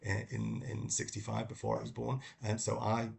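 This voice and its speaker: A middle-aged man from London with a British accent, talking about books in a casual review, halting with many ums and restarts. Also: on the low side, completely flat delivery, creaky, a little mellow, a little hiss or hum. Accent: British English. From London, England. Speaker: book vlogger. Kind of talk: casual book review talk.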